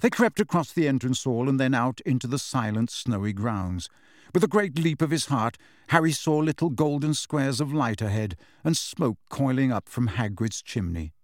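A man reading an audiobook with steady storytelling, voicing the characters as he goes. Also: mid-range voice, moderate pace, dry recording. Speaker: audiobook narrator. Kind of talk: scripted narration. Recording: dry close studio recording.

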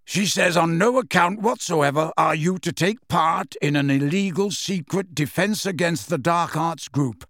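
A man's voice: a little high, measured pace, hardly any pauses, a bit bright, no room sound, studio quality, voice pushed up. A man doing a wry, self-assured grown man.

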